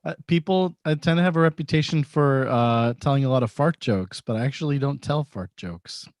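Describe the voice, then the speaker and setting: A man's voice: medium pitch, brisk, dry recording, clean studio sound. A man appearing as a comedian guest, chatting in a jokey, hesitant way with filler words. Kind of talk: casual chat.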